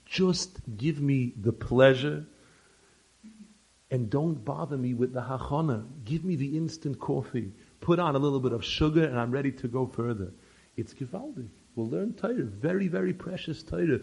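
A man giving an animated Torah talk, telling stories and mixing Yiddish and Hebrew terms into his English. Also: medium pitch, moderate pace, gravelly, husky. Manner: animated storyteller who acts out the people he quotes. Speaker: Torah teacher.

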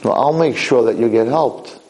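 A man's voice: mid-range voice, moderate pace, a little mellow, close to an everyday voice, poor audio. A man voicing a young king in a spoken parable, firm and insistent. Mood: commanding. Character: young male king, calm and commanding.

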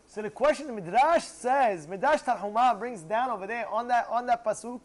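A man's voice: very high-pitched, fairly quick, hardly any pauses, poor audio. A man giving a Torah class, quizzing his listeners and acting out pleas to God. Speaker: Torah teacher.

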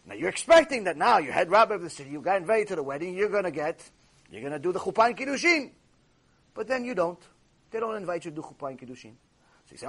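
A man giving a sermon lecture as a rabbi, animated and storytelling, with Hebrew terms mixed in. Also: high voice, fast talker, husky.

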